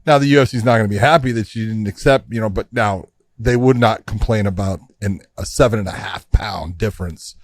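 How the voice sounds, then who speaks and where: A man's voice: fairly low pitch, fairly quick, no room sound. A man co-hosting a casual podcast, blunt and emphatic, swearing casually. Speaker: co-host.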